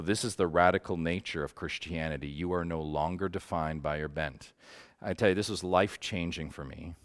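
Earnest low-voiced man teaching scripture. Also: a bit bright. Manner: earnest and passionate, often checks in with "right?". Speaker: Bible study teacher. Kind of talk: conversational Bible teaching to a group.

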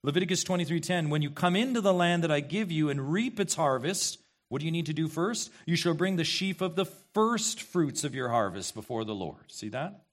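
A man's voice: a little high, lively intonation, fairly quick, few pauses. Emphatic man preaching a sermon. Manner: emphatic, questioning, repeats key phrases. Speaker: pastor. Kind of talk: expository sermon.

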